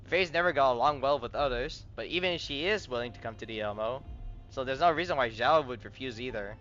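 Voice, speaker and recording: A composed older-sister soldier, read by a man, speaks in a level, reasoning and apologetic way. The voice is bright, and the lo-fi recording carries a faint bed of music. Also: mid-range voice, a little fast, close to an everyday voice. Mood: thoughtful. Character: calm, measured older-sister woman soldier.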